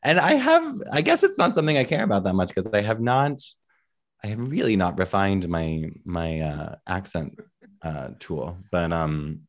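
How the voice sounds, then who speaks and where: A very low-voiced man talks as a podcast guest. He tells stories against himself in an earnest, easygoing way. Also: sing-song, moderate pace. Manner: earnest, self-deprecating storyteller. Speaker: podcast guest, musician and actor. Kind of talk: casual interview chat.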